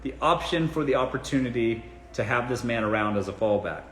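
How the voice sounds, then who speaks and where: A man with a Southern drawl hosts a relaxed live Q&A from home. His advice comes out blunt and salty, full of swearing and teasing. The room around him rings with a noticeable echo. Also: medium pitch, brisk, slight background noise. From South Carolina. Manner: blunt, profane, joking. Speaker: live-stream host answering dating questions. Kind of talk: casual live-stream Q&A.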